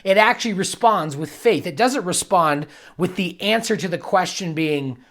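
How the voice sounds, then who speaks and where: A man's voice: sits high, lively intonation, normal speed, a bit bright. A young man, a pastor, giving an earnest and reflective devotional teaching that builds to emphatic bursts. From United States.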